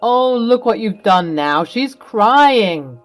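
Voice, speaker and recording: A woman's voice: mid-range voice, lively intonation, a little slow. A woman voicing a cruel adult husband who sneers and dismisses, over faint music. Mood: sneering.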